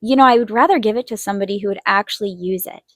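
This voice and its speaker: A young woman shares a personal story while she draws, chatty and lively, and she lifts her voice to act out what people said. Her pitch sits in a middle range. The sound is dry and close. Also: very fast, dry recording. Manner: chatty, animated, acts out quotes in a higher voice. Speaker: art channel host. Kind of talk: casual storytelling while drawing.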